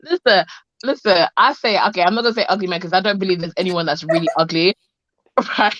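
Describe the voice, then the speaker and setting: A woman's voice: fairly low pitch, quick pace, fairly bright tone, no room sound, dull audio. A woman with a South London accent talking frankly and emphatically in a casual chat, laughing often and restarting her sentences.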